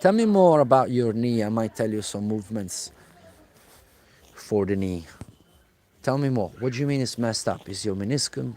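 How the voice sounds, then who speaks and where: A man speaking at a middle pitch, coaching viewers in a live stream Q&A. He answers questions directly in the way a personal trainer does and hammers his key points home by repeating them. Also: lively intonation, moderate pace, pauses often, mellow.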